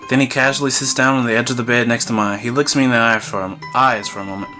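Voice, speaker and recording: A man's voice: mid-range voice, steady tone, quick pace, bright, forceful tone, soft background music. A man reading a visual novel aloud for a gaming video, breaking off for jokey asides and chuckles. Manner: jokey asides, chuckles between read lines.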